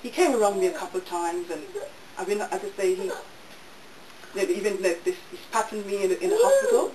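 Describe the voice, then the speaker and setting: A woman's voice: mid-range voice, very animated, fairly quick, warm tone. A woman speaking to an audience at a public talk, telling her own story with intensity and repeating her phrases. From United States. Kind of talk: personal testimony to an audience. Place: bookshop event room. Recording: roomy, distant, faint hiss.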